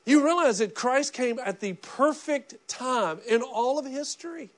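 A middle-aged man preaching with a high, light voice. He talks in a loose, conversational style, restarting phrases and dropping into little acted quotes as he goes. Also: expressive, measured pace. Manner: repeats words and restarts often. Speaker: pastor. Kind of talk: sermon.

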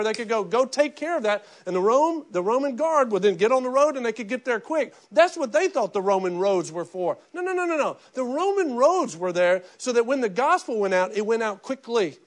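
A middle-aged man preaching a sermon in an animated, conversational way, often repeating words and acting out quoted voices. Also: extremely high pitch. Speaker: pastor.

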